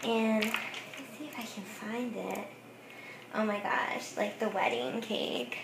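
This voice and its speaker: A woman's voice: mid-range voice, steady tone, slow, vocal fry, noisy background. A woman craft vlogger chatting casually about thrift finds, giggling often and saying "like" a lot. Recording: echoey room.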